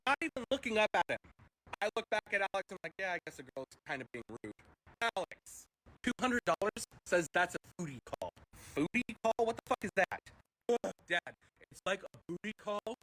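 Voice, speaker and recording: A streamer reading a funny story aloud on a live stream, animated and profane, laughing easily. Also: mid-range voice, a little hiss or hum, poor audio.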